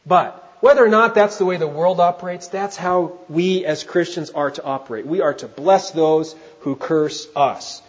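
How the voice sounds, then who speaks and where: Pastor guy preaching, kinda high voice, chatty, asks the crowd stuff, muffled lo-fi audio. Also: normal speed, hardly any pauses. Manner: conversational preaching with questions to the congregation. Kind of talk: sermon.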